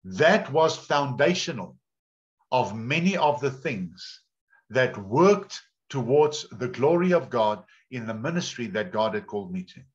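A man's voice: medium pitch, sing-song, unhurried. A male pastor preaching a sermon, telling stories in a chatty way and often repeating words. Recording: dull lo-fi sound.

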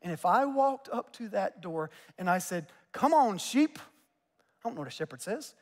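A man in his forties with a Southern US accent, preaching a conversational sermon with quick joking asides. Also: high voice, animated. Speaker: pastor. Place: church sanctuary. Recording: long reverb of a church hall.

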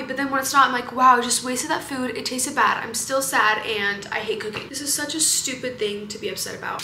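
A woman's voice: high-pitched, pushed and bright, slight background noise, poor audio. A teenage woman vlogging in a chatty, rambling, candid way, often venting and filling her talk with "like". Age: late teens. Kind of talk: casual vlog chat.

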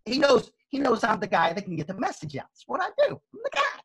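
A man working as an on-field emcee, telling a story with lively energy and acting out the quotes. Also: extremely high pitch, fast, husky. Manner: lively, acts out quotes in shifting voices. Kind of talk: animated storytelling.

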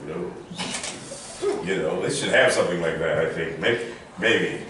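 A man's voice: low voice, normal speed, background noise. A man on a convention panel bantering with a co-panelist, with laughing, joking asides. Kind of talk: casual banter. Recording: echoey hall from far off.

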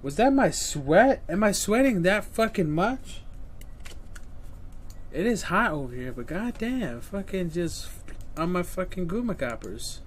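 Excitable swearing man narrating his game. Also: fairly high pitch, slight background noise. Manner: excitable, swearing, mutters to himself. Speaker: gameplay streamer. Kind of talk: profane live gameplay commentary.

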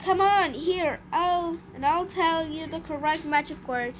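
A woman reading a storybook aloud, voicing a strict but kind witch teacher with some halting slips. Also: very high voice, slight background noise. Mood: kindly.

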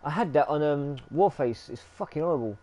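A man's voice: fairly high pitch, expressive, fairly quick, warm tone, muffled recording. A British man chatting casually while gaming, swearing freely and rambling as he repeats himself. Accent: British English. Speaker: gaming streamer.

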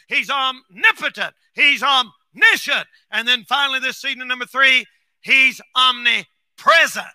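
A pastor preaching a folksy sermon in a strikingly high, piercingly bright voice. He swings from quiet asides to shouted bursts. The sound is close and completely dry. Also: unhurried, no room sound.

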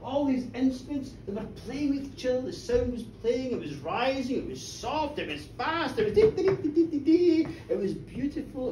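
Animated male storyteller in an echoey pub. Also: very high-pitched, noisy background. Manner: dramatic and animated, with sound effects and screams. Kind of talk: live folk-tale storytelling. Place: pub stage with an audience. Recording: roomy live bar from far off.

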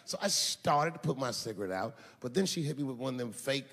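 A man performs a stand-up set on a large theater stage, speaking a little fast and expressively. His loose story swings from low mutters to shouted punchlines. The live stage sound carries the reverb of a big hall.

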